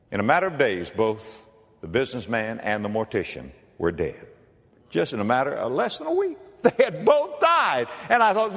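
A male pastor delivers a dramatic sermon, his voice leaping with lively swings from ringing emphasis down to a hush. He sits a little high for a man. The sound carries a long reverb, as in a large church hall.

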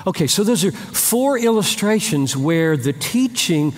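A man preaching a sermon, animated, acting out little exchanges in shifting voices. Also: on the high side, normal speed, few pauses. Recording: long hall reverb.

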